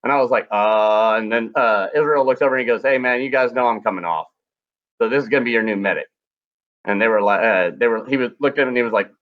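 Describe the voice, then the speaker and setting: Talking fast in a lowish voice, a man who used to be a combat medic shares crude army anecdotes casually. He gives the people he quotes their own animated voices, and the recording sounds muffled.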